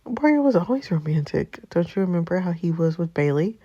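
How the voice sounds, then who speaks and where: A woman's voice: lowish voice, sing-song, brisk, dark tone, no echo, lo-fi sound. A woman reading the lines of a sly, pushy young woman in a story game.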